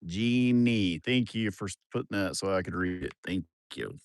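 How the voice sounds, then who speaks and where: A fairly low-voiced man with a drawl, chatting into his phone outdoors on a farm. He rambles along in a folksy, easygoing way and now and then breaks into loud, excited bursts. The sound is close and dry. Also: brisk, dry recording. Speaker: livestream host. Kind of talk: casual rambling livestream chat.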